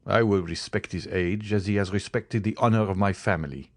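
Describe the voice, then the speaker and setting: A man's voice: lowish voice, fairly quick, dry recording, natural voice. A man voicing a hot-headed young nobleman who is bent on a duel and speaks in intense, clipped, indignant tones. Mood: vengeful.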